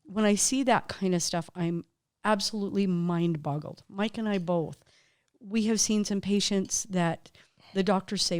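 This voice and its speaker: A woman's voice: mid-range voice, moderate pace, a little mellow, clear, resonant tone, no echo, clean studio sound. A woman acupuncturist, a guest in an interview, telling stories in a heartfelt, emotional way. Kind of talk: casual interview conversation.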